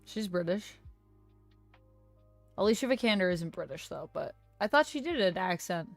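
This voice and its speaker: Speaking at normal speed in a low-leaning voice, this young woman chats easily with her stream audience. Her surprised questions make her voice spring upward, and she stays lively throughout over soft lo-fi music, with no echo.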